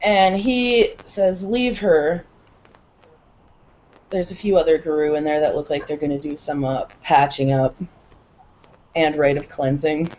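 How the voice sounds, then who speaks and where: A relaxed woman narrating a tabletop game as game master, heard on a dull lo-fi recording. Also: sits low, normal speed, a little hiss or hum.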